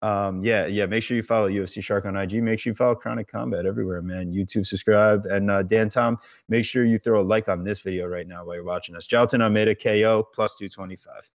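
Laid-back guy guesting on a podcast, lowish voice, muffled lo-fi sound. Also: fairly even intonation, quick pace, few pauses. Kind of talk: casual sports betting chat.

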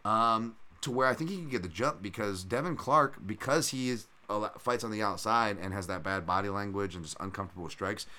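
Animated rambling man, bright and low. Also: a little fast, hardly any pauses. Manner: rambling, animated, lots of fillers and loud impressions. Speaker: podcast host, MMA analyst. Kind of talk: casual solo podcast talk.

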